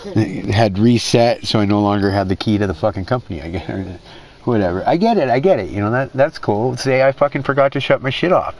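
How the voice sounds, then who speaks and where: A man's voice: on the low side, a little fast, a little mellow. A man hosting a racing league stream, telling rambling stories in casual talk and swearing constantly. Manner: rambling, swears constantly, mimics others in quotes. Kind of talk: casual profane storytelling.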